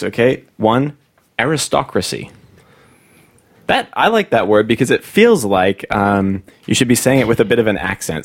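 A man's voice: medium pitch, gravelly. A man hosting a casual podcast chat, enthusiastic and savoring words as he says them. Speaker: podcast host.

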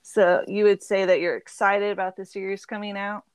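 A woman's voice: medium pitch, little pitch movement, moderate pace, clean tone, no echo. Chatty woman hosting a podcast. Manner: chatty, laughs often. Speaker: podcast host. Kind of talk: casual book club chat.

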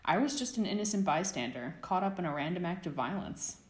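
A woman's voice: on the low side, animated, fairly quick, reverberant, natural voice. A woman voicing a mild, wry teenage boy wizard in a storybook reading, with a dry, teasing manner.

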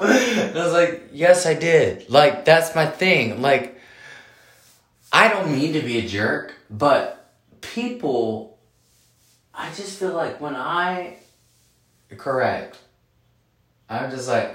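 Guy in his 30s ranting about a story, slow and drawn out, roomy echo. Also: medium pitch. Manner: animated, indignant retelling with fillers. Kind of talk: casual storytelling.

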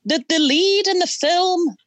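A woman's voice: extremely high pitch, a little slow, a little hiss or hum. A woman with a Northeast English accent in casual podcast chat, blunt and sweary.

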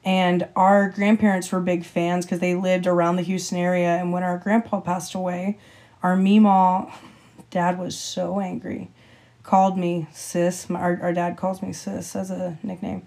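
A woman's voice: fairly low pitch, unhurried, creaky. A young woman co-hosting a podcast, chatting casually and telling stories, acting out the people she quotes. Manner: animated storyteller, acts out quotes with a lifted voice. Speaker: podcast co-host. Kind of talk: casual storytelling chat.

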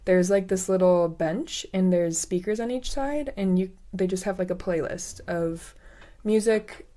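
A woman's voice: lowish voice, unhurried, dark tone. A woman co-hosting a travel podcast, chatting in an upbeat, rambling way as she shares tips. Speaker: podcast co-host. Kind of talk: casual chat.

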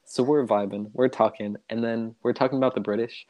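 A man's voice: medium pitch, fairly even intonation, brisk, dark tone, lo-fi sound. A young man co-hosting a casual podcast chat, telling a rambling story and laughing often. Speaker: podcast co-host.

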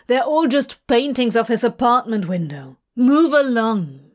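A woman voicing an irritable, weary male demon with a flat voice that rises into exasperated outbursts, in a fanfiction audiobook reading. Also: a little high, unhurried. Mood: angry.

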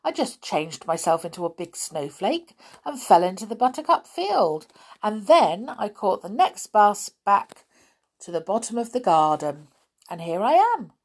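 A woman's voice: medium pitch, big pitch swings, measured pace, slightly rough, exaggerated voice. A woman voicing a merry little male pixie who talks in a cheerful, chirpy way.

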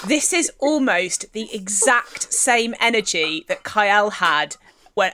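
A woman in casual comedy chat, talking quickly and laughing between points. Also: mid-range voice, big pitch swings, a crowd in the background.

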